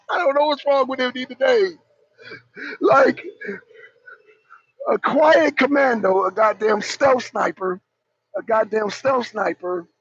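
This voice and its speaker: High-voiced, gravelly man ranting. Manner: loud, profane, mocking rants. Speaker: talk show panelist. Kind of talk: heated live-stream commentary. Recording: dull, dry lo-fi sound.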